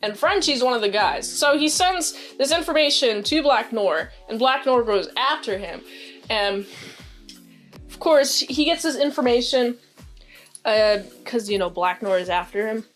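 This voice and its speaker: A fairly high-voiced woman talks through a TV episode in a loose, rambling recap. She gets excitable and fills her talk with fillers. Soft music plays quietly behind her. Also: a little slow. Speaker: TV show reviewer. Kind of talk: casual recap and review. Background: faint background music.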